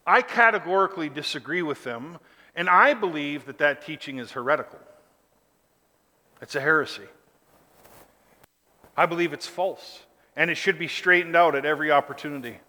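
A man preaching a sermon, emphatic, building to shouted lists and then dropping low again. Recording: long hall reverb.

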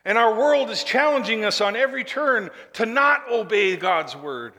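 A male pastor preaching a sermon, emphatic and building to forceful declarations, leading the congregation in call and response. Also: high voice, lively intonation, unhurried, in a large hall.

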